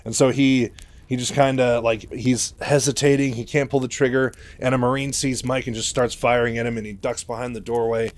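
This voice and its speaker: A man's voice: mid-range voice, little pitch movement, brisk. A man casually retelling a novel's plot in a chatty, loose way, full of fillers. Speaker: story retelling host.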